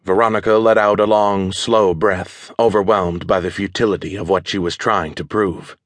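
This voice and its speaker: Male audiobook narrator, steady and measured, lowish voice, dead-dry booth sound. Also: no room sound. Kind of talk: scripted thriller narration.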